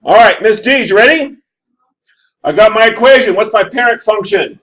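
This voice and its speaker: At a moderate pace and in a high voice, a man gives a math lecture, though the audio is poor. He's animated, working through graphs aloud and asking his students for checks along the way.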